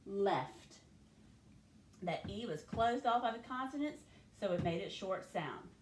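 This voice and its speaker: A woman's voice: medium pitch, lively intonation, roomy sound, slight background noise. A woman teacher taking young pupils through a phonics lesson, sounding out and stretching words. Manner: slow, stretched-out word sounding.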